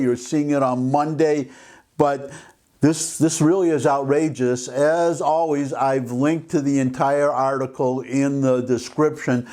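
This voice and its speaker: An older man hosting an opinion vlog, reading a news article aloud and commenting on it indignantly, with halting restarts. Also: fairly high pitch, mellow. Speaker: vlog host.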